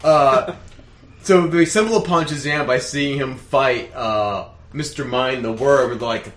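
A man's voice: mid-range voice, unhurried, fairly bright tone, echoey room. A man co-hosting a casual chat show, animatedly retelling cartoon scenes with lots of laughter. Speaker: podcast co-host.

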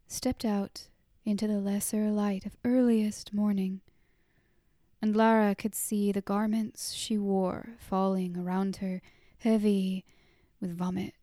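A woman narrating a story in a soft whispered role-play, hushed and unhurried. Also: medium pitch, flat delivery, dry recording, clean studio sound.

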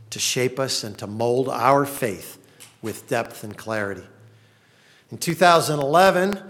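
A man's voice: on the high side, a bit bright. Earnest man preaching a sermon. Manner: earnest, rising to impassioned when reading laments. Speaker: pastor.

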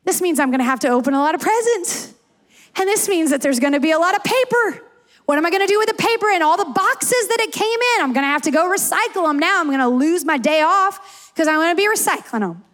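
A woman's voice: extremely high pitch, lively intonation, quick pace, fairly bright tone, voice pushed up. A woman doing a fretful, whiny little boy. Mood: fretting. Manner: worried, whiny complaining.

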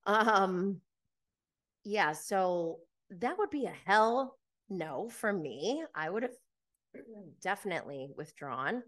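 In a casual podcast chat recapping reality TV, the female host is animated, laughs frequently, and fills her speech with "like." Her voice is medium in pitch and fairly bright.

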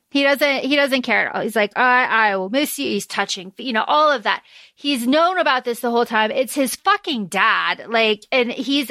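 A woman's voice: high-pitched, sharp tone, no echo, studio quality. A woman co-hosting a podcast, chatting casually about a book and reading out quotes between filler ums. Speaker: podcast co-host.

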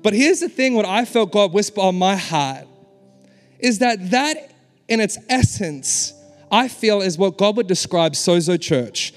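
A pastor with a high, expressive voice delivers an impassioned, emphatic sermon at a slightly slow pace, often urging his listeners with "come on." The recording has a long hall reverb, with faint music in the background.

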